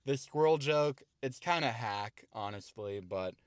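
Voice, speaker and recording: A male comedian speaks in a relaxed, conversational vlog voice. He swears casually and weighs up his own material with offhand candor, his pitch sitting in a middle range. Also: unhurried, smooth, dry recording, studio quality. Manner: laid-back, profane, self-critiquing. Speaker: stand-up comedian.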